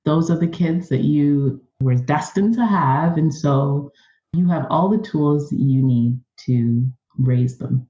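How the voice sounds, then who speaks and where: Woman guest chatting, earnest and animated, lowish voice, muffled and kinda echoey. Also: takes it slowly. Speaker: podcast guest. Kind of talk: casual conversational interview.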